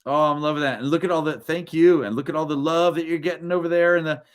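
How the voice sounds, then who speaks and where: A man's voice: fairly high pitch, quick pace, clear, resonant tone. A man hosting an online book launch over a video call, exuberant and jokey, rambling through frequent restarts.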